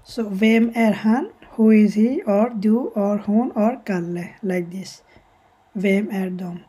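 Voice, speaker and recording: Slow, husky-voiced woman teaching patiently. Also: medium pitch, fairly even intonation, dark tone, rough recording. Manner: patient, repeats each example and translates it. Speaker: language teacher. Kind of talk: step-by-step language tutorial.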